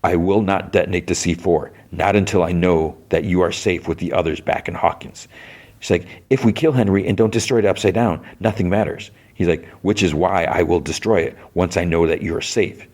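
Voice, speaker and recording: Host, male, deep voice; casual scene recap with quick voice shifts for quoted lines and sarcastic asides. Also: a little mellow. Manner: quotes characters with loose voice shifts, many fillers like "like"; sarcastic asides about characters. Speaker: podcast host recapping a series.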